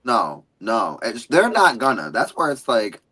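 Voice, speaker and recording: A man's voice: medium pitch, a little slow, slightly rough, poor audio. A man co-hosting a casual chat, playful and emotional as he tells stories. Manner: playful, emotional, animated storytelling. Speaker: co-host.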